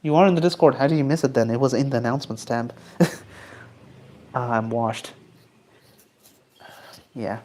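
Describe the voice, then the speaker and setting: A man's voice: medium pitch, fairly even intonation, moderate pace, long pauses, darkish tone. A man streaming live, chatting casually and rambling as he answers his chat while he draws. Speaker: streamer and artist.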